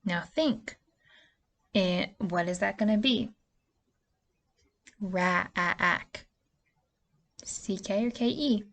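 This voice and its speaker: An early-years teacher gives young children a spelling lesson, patiently drawing out the vowel sounds. She has a mid-range voice and a measured pace.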